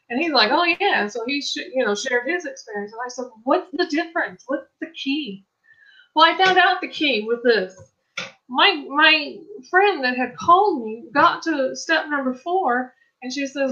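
In a high, expressive voice that is bright and forceful, a middle-aged woman speaks at normal speed, though the audio is dull. As a Christian ministry speaker, she shares an earnest faith testimony about a friend, full of restarts and quoted lines.

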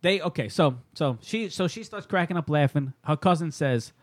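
Man, podcast co-host, casual banter, rambling storyteller, fairly high voice, dry close sound. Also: expressive, moderate pace, no echo. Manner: rambling storyteller, swears, laughs often.

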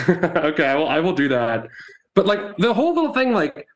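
A man co-hosting a sports podcast, telling stories in a lively, profane, casual way. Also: on the high side, moderate pace. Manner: animated storytelling, swears freely. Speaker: podcast co-host. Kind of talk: casual chat. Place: New York.

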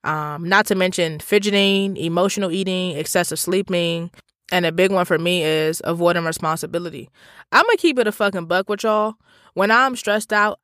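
A man telling a story straight to his listeners in a casual, profane, slangy monologue that swings between animated rants and calmer reflection. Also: high-pitched, dry recording, clean studio sound.

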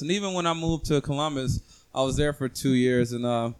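A man's voice: mid-range voice, fairly even intonation, poor audio. A young adult man from Ohio, a comedian co-hosting a casual podcast, joking around with playful asides. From Cleveland, Ohio. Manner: joking, quick asides and playful sound effects.

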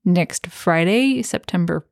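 A woman's voice: fairly low pitch, animated, takes it slowly, vocal fry, no room sound, clean studio sound. A woman co-hosting a podcast, chiming in with enthusiasm as she recaps a TV drama in casual chat. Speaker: podcast co-host.

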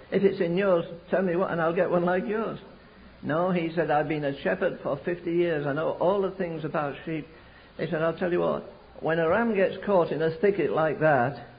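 An older man from America preaching a sermon, telling stories and building to fervent emphasis. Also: a little high. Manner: storytelling, rising to fervent emphasis. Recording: dull lo-fi sound.

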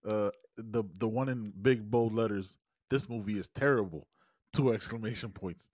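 A man co-hosting a casual movie podcast, chiming in with wry agreement and deadpan jokes. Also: on the low side, normal speed, no echo. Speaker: podcast co-host. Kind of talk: casual movie review chat.

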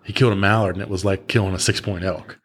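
A man on a podcast with a somewhat low voice, rambling through stories in a loose, self-mocking way. He talks in easy, casual chat. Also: fairly even intonation, quick pace, slightly rough. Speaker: podcast guest.

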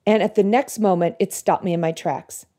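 A woman giving an earnest, reflective devotional talk, reading song lyrics slowly and thoughtfully. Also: medium pitch, fairly even intonation, warm tone. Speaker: Christian speaker.

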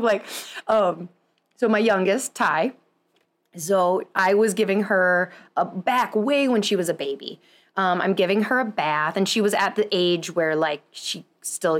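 A woman hosting a podcast, chatting casually and rambling with many fillers, poking fun at herself and acting out what others said. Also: medium pitch. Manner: rambling, self-deprecating, lots of "like", acts out quoted voices. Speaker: podcast host, chiropractor. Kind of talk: casual chat.

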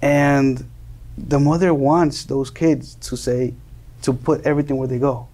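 A young man from Colombia, a guest in an interview, earnestly tells his story in a mid-range, dark-toned voice with flat delivery and a measured pace. He often repeats and restarts words while searching for phrasing.

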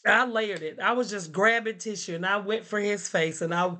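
A woman teacher telling a funny classroom story in a playful, animated way, laughing often. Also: mid-range voice, normal speed. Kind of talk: casual storytelling.

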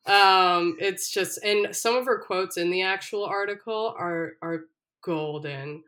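On a podcast, a young woman co-host chats casually in a lowish voice at a measured pace. She animatedly retells a reality show, acting out the quotes and laughing often.

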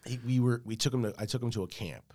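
A man's voice: mid-range voice, fast, darkish tone. A man in his thirties chatting casually as a podcast guest, rambling and repeating his words. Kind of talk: casual chat.

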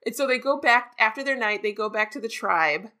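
Woman co-host, casual recap chat, gushing and animated, bright, fairly high voice. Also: fairly quick. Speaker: podcast co-host. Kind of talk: casual book discussion.

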